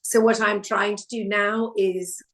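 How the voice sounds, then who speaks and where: A middle-aged woman from England, a guest in a casual chat, telling stories with animated quoted voices. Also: mid-range voice, unhurried. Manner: animated storytelling, acts out quotes. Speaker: podcast guest, broadcaster.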